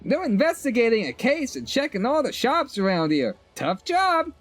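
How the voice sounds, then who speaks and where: A man voicing a chatty young female shopkeeper in a strained high falsetto, with bubbly sing-song customer-service chatter. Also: very animated, normal speed, no room sound, exaggerated voice. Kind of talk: game dialogue voiced by a streamer.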